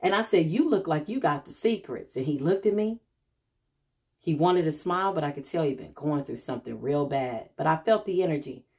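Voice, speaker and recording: A woman's voice: sits low, animated, a little fast, a little mellow. A middle-aged woman, a self-described healer, telling a casual vlog story and acting out the people she quotes, calling viewers y'all.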